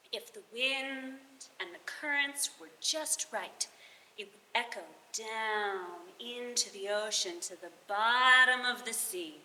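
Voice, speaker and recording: A woman tells a folk tale live, animated and chuckling between lines. Her voice is high, bright and lively, her pace unhurried. The roomy hall adds echo. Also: a little hiss or hum. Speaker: storyteller. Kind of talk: live oral storytelling. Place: bardic gathering hall.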